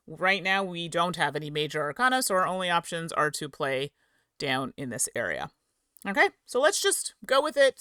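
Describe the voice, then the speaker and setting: A woman's voice: deep voice, bright, forceful tone, smooth, no room sound, clean studio sound. A woman hosting a live game stream, chatting with viewers, explaining rules, giggling and tripping over words at a home streaming setup. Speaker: streamer and host.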